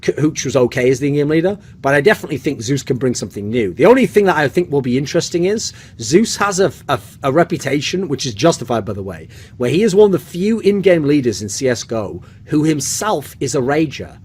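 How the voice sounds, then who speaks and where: A man giving blunt, animated opinions on a podcast, swearing freely and punctuating points with "okay?". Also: on the high side, quick pace, slight background noise. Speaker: esports podcast host.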